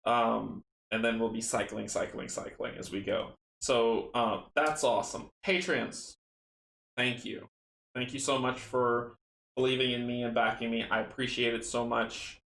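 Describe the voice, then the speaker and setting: A young man with a gravelly, creaky voice talks in a rambling, earnest and grateful way, closing out his stream. The sound carries a roomy echo from his home setup. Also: mid-range voice, steady tone, unhurried, a bit bright, slight background noise. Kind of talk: casual stream sign-off chat.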